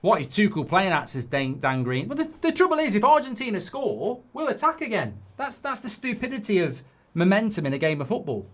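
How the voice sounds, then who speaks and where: A man's voice: high voice, big pitch swings, fairly quick. A man hosting a live football watchalong, reacting in frustration, swearing and reading out viewer comments. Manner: exasperated, swearing, ranting at the game; reads viewer comments aloud. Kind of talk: live match reaction chat.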